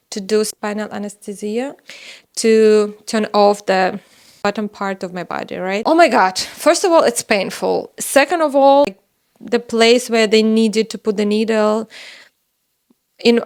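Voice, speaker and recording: A young woman whose first language is Russian, telling a personal story in a casual, animated way, with sudden high exclamations. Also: clear, resonant tone. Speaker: vlogger telling her birth story.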